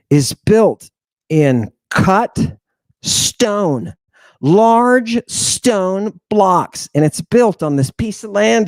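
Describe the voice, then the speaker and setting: Man, casual lecture, joking, restarts often, higher voice, dry sound. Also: a little mellow, no echo. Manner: irreverent, joking, talks over himself and restarts.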